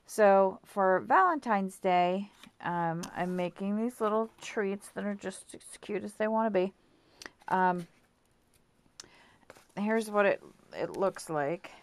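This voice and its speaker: A woman's voice: medium pitch, slow. A woman giving a casual craft tutorial at home, chatty and rambling with lots of fillers, self-corrections and apologetic asides. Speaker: craft vlogger.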